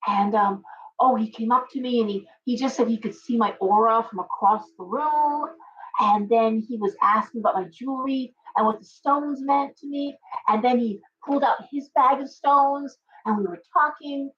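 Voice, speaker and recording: Hosting a live stream as a tarot reader, a middle-aged woman rambles loosely at normal speed, her voice on the high side and fairly bright, breaking off now and then to say hello to viewers by name. She sits a bit away from the microphone, so the distant recording sounds dull and lo-fi.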